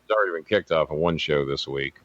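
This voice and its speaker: A man's voice: extremely low pitch, fast, no echo, dull audio. A man who was once a wrestling manager, chatting bluntly and sarcastically with plenty of swearing. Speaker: podcast guest, former wrestling manager. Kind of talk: profane casual chat.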